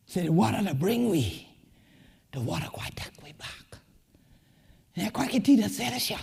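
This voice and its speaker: A woman with a Gullah Geechee accent, from the Sea Islands, giving a rhythmic spoken-word keynote that swings between whispers and shouts. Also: mid-range voice, big pitch swings, moderate pace, creaky, slightly rough, in a large hall. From Sea Islands of the American Southeast. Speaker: community leader and keynote speaker.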